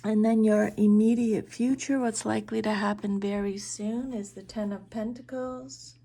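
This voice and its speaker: A woman giving a tarot reading, soft-spoken and hesitant, often pausing on fillers as she lists each card's meanings. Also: medium pitch, fairly even intonation. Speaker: tarot reader.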